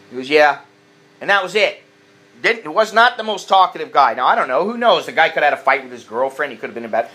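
A man's voice: mid-range voice, a bit bright. A man telling stories in a casual, blunt rant, swearing freely and restarting his sentences often. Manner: blunt and profane, with frequent restarts. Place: living abroad in Southeast Asia.

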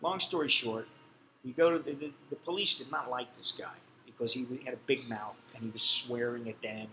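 A man's voice: mid-range voice, a little fast, pushed and bright, a little hiss or hum, rough recording. A middle-aged man telling a personal story in a casual, blunt and profane way, full of fillers. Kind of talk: casual spoken anecdote.

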